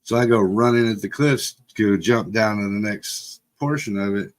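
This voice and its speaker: A middle-aged Texan man hosts a livestream, telling a rambling story packed with fillers and frequent laughs. His voice sits on the low side and moves at a moderate pace.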